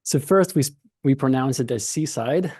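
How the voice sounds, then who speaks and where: A man's voice: mid-range voice, a little fast, a crowd in the background. A man with a Lithuanian accent, a podcast guest and company founder, explaining his work in a thoughtful, conversational way, often restarting his sentences.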